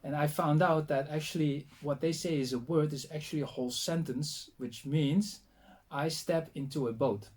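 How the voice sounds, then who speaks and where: Middle-aged man, animated interview storyteller, fairly high voice. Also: normal speed. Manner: animated storyteller, many fillers and restarts, acts out quoted dialogue. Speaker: linguist interviewee.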